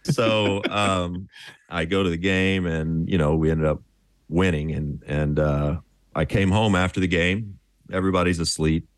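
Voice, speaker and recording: Deep-voiced ex-athlete telling stories. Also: male voice, measured pace, dry recording, studio quality. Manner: relaxed, chuckling storyteller. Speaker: former pro basketball player, interview guest. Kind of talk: casual storytelling interview.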